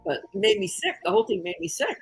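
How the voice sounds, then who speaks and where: An older woman from the Chicago area, a guest in an interview, telling a story with lively acted-out voices. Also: on the high side, quick pace, gravelly, slightly rough, no room sound, faint music behind, rough recording. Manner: animated storyteller who acts out the voices in her story.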